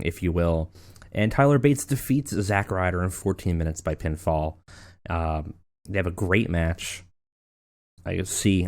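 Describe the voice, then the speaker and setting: Man, lowish voice, casual rambling let's play commentary. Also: a little mellow. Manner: rambling, with many fillers and self-corrections.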